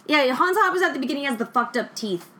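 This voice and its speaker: A woman's voice: sits high, animated, quick pace, crowd noise. Chatty woman co-host, digressive and emphatic. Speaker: podcast co-host. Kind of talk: casual chat.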